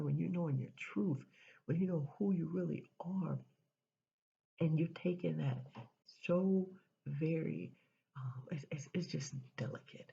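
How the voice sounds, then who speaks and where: Woman, spiritual motivational talk, dark gravelly voice, dull lo-fi sound. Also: sits low. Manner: emphatic, repetitive, drops into whispers. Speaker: spiritual speaker.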